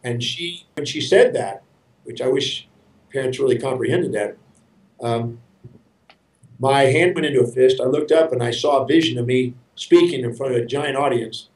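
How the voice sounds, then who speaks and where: An earnest man from the United States tells his story as an interview guest, often stumbling over his first words. His voice sits at an ordinary pitch. It sounds roomy and a little far from the mic. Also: normal speed, darkish tone. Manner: earnest, repeats words when starting sentences.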